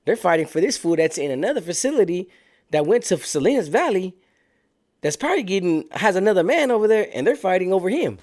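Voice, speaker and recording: A man's voice: high voice, sing-song, quick pace, a little mellow. A man casually telling a story in street slang, animating it by acting out what other people said. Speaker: storyteller recounting prison life.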